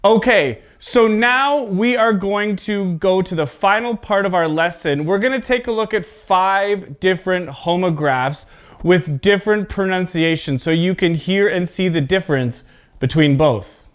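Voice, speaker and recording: A man's voice: high-pitched, unhurried, clean tone. A man teaching an English pronunciation lesson. He is patient, often checks in with "okay?", and exaggerates word stress in his examples.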